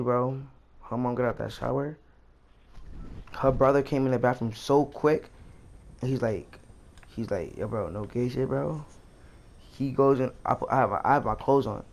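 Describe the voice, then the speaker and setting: A man's voice: medium pitch, measured pace, creaky, pauses often, a little mellow. A young man vlogger telling a rambling, slangy story as he plays a game. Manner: rambling, slangy, repeats himself. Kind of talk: casual storytime while gaming.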